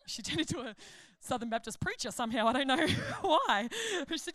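A woman delivers a conference sermon in a high, bright voice. She talks in a chatty, animated way and jokes at her own expense. The sound is close and dry. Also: a little fast, hardly any pauses, dry recording. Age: adult. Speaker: conference speaker, pastor.

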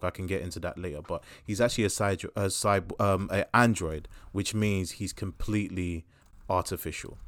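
A man's voice: sits low, no room sound, studio quality. A man casually reviewing a film in a podcast chat, rambling and thoughtful with frequent fillers.

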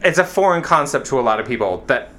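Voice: mid-range voice, lively intonation, fast, a bit bright. A podcast co-host in casual chat, blunt and wry, who swears for emphasis.

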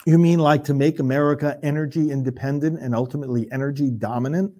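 A man's voice: a little high, fairly even intonation, dark tone. A priest giving an impassioned political commentary in a preaching cadence, firing off rhetorical questions and speeding up in bursts as he gets worked up. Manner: rapid bursts when worked up.

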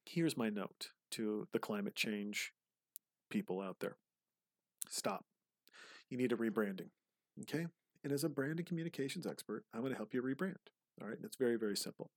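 A man's voice: mid-range voice, moderate pace, long pauses, no echo. A man giving rambling, profane, casual commentary while watching a movie, often drifting into tangents.

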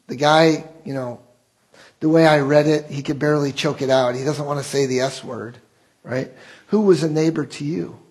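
A man's voice: on the high side, fairly even intonation, moderate pace, a little mellow, husky, poor audio. A man preaching a sermon as pastor, earnest and building to impassioned rhetorical questions.

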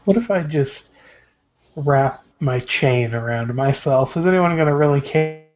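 A man's voice: fairly high pitch, measured pace, darkish tone. A man playing in a tabletop game over a call, thinking aloud about his character's moves. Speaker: player. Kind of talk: casual tabletop role-play. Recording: dull lo-fi call audio.

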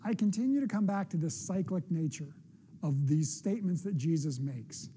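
A man's voice: on the high side, expressive, normal speed, dark tone, slight background noise. A middle-aged man, a pastor, preaching a sermon in an earnest, conversational way with personal asides.

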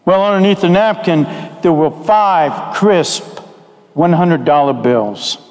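A man preaches a sermon and tells a story, drawing out his phrases slowly and deliberately. His voice sits a little high for a man. It carries the long reverb of a large hall.

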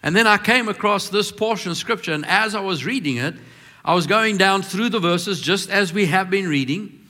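This pastor's sermon moves from stretched-out, emphatic pronouncements to softer, intimate storytelling. His voice sits high and the sound suggests a large hall.

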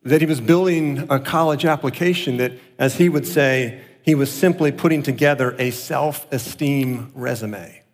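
A man's voice: medium pitch, moderate pace, in a large hall. A man preaching a sermon as a pastor, asking rhetorical questions and repeating key phrases for emphasis.

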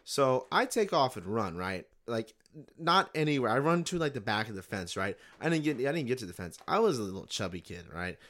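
A man's voice: mid-range voice, big pitch swings, brisk, a bit bright. A young man, podcast host, telling a long rambling story in casual chat, laid back and swearing.

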